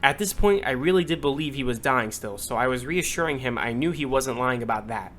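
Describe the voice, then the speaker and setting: A man calmly reading out a message exchange and adding matter-of-fact commentary. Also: medium pitch, fairly quick, faint music behind. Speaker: commentary youtuber.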